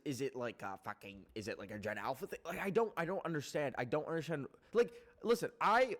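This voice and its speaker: Rambling, profane Canadian-born male streamer. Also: on the high side. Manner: rambling, profane, excitable, with laughs. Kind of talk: casual chat to stream viewers.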